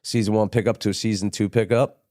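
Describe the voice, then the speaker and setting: A man's voice: lowish voice, fairly even intonation, fast talker, warm tone, no echo, clean studio sound. A man as a podcast guest, telling stories in a laid-back, profane, rambling way with lots of fillers. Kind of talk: casual storytelling interview.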